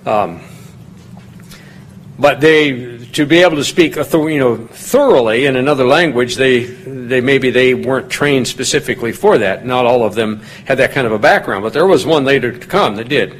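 A man's voice: normal speed, slightly rough. Folksy man teaching from scripture. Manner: folksy and digressive, rising in pitch and volume when reading scripture aloud. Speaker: pastor teaching a Bible study. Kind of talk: conversational sermon.

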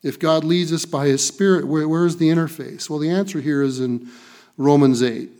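A man delivers a sermon, his voice pitched a little higher than most men's. He drives points home by repeating phrases and sometimes restarts a sentence mid-thought. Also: fairly even intonation, moderate pace, warm tone. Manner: emphatic, repeats key phrases, occasional restarts. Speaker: preacher. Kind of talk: sermon with scripture reading.

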